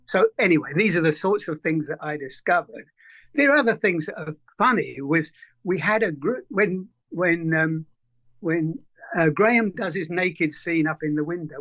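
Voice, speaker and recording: An older man with a notably high-pitched voice speaks as an interview guest. He tells stories in an animated, anecdotal way and acts out quoted dialogue as he goes. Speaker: film editor guest. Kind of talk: conversational interview storytelling.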